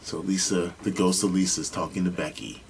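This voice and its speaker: On a rough recording with slight hiss or hum, a young podcast co-host with a low, gravelly voice talks a little fast. He's an animated storyteller in casual chat, acting out each voice he quotes.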